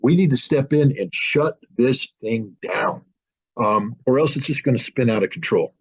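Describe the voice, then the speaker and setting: A man's voice: mid-range voice, lively intonation, moderate pace, slightly rough. A man speaking as an interview guest, blunt and emphatic, often restarting his sentences. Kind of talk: political interview talk. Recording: dull lo-fi audio.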